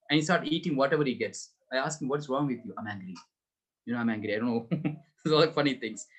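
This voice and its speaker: A man's voice: medium pitch, a bit bright, low-quality recording. A man giving an online motivational talk, conversational, checking in with the audience and laughing now and then. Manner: conversational, frequent "okay?" tags, laughs, addresses audience directly. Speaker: motivational speaker.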